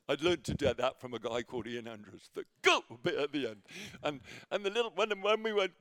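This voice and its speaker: A man preaching a sermon with a personal story, halting with many fillers and restarts, sometimes dropping to near a whisper. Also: mid-range voice, expressive, dry recording, studio quality. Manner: drops to near whisper in quiet moments.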